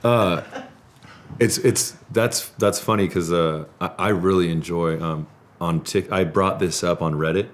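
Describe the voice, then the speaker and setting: A man hosting a podcast in a studio, telling animated stories in casual chat and laughing often. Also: low-pitched, unhurried. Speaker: podcast host.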